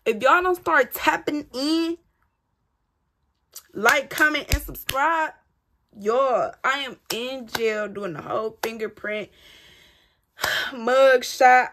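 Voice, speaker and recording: A woman's voice: high voice, slow pace, long pauses, background noise. A woman telling a personal story in a casual, dramatic way, talking straight to her viewers. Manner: animated, dramatic retelling addressed straight to viewers. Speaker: storyteller vlogger.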